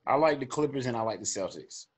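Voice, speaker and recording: A man's voice: mid-range voice, lively intonation, quick pace, husky. A man guesting on a sports podcast, chatting in a laid-back, slangy way. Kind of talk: casual sports debate.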